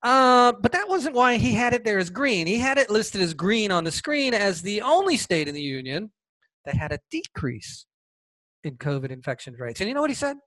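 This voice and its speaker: A man hosting his own podcast, talking casually in a sarcastic, animated way with mocking asides. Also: high voice, moderate pace, no echo. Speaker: podcast host. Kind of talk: casual opinion podcast monologue.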